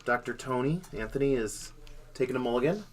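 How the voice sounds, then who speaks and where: A male commentator calls a card game live in an easygoing, playful way. His voice sits at an ordinary middle pitch, and he slips goofy sound effects into the chatter. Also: brisk, slight background noise. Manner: casual, jokey, hums sound effects.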